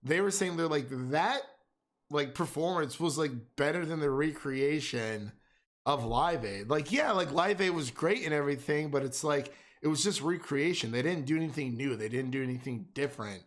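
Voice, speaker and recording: Laughing young man, excitable film chat. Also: a little high, moderate pace. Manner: animated, laughs often, rambling with restarts. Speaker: film podcast host. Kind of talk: casual chat.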